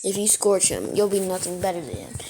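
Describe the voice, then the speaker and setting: A woman's voice: on the low side, big pitch swings, a little fast, gravelly, dark tone, a little hiss or hum, rough recording. A woman plays a big male hero acting as a stern mentor. The voice drops a little below her usual talk and stays firm and warning.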